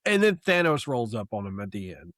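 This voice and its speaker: A young man co-hosting a casual comic book podcast, talking in an animated, profane way and mocking the characters he retells. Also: mid-range voice, brisk, dry recording, clean studio sound. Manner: animated, profane, mocks characters in quoted asides. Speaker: podcast co-host.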